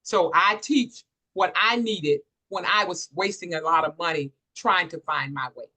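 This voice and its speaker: A woman's voice: lowish voice, a little slow, bright, forceful tone. Exuberant preacher-style woman host. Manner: exuberant, preacher-like, hypes the audience. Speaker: workshop host. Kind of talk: lively church-inflected hosting. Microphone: virtual workshop call.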